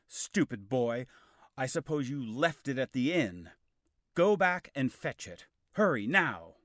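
A man's voice: fairly high pitch, big pitch swings, a little slow, no echo, studio quality, voice pushed up. A man voicing Kay, a proud, hot-tempered young knight in a storybook reading, with a bossy, impatient manner. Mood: angry.

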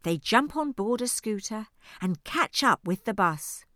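A woman reads a rhyming children's picture book aloud, her voice rising and dipping with animated expression. She takes her time, a touch higher than most. Recorded close in a dry studio. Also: measured pace, no room sound. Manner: expressive, rhyming sing-song delivery. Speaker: audiobook narrator. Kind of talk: children's storybook reading. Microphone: studio microphone.

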